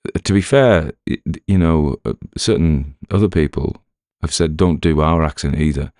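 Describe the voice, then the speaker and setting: Northern english guy, really deep low voice, rambling chat with lots of ums and restarts, dry close mic. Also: moderate pace, a little mellow, dry recording. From Northern England. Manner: rambling, self-deprecating, many fillers and restarts. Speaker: podcast narrator and writer. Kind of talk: rambling casual talk to listeners.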